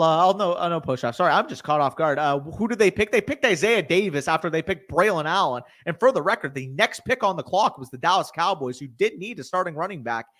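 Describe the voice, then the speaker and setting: A young man with a slightly high voice hosts a long live stream and chats casually with his viewers. He reacts loudly, swears often and sounds a little worn down by the late hour. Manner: excitable, swears freely, talks to chat. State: tired, hiccuping.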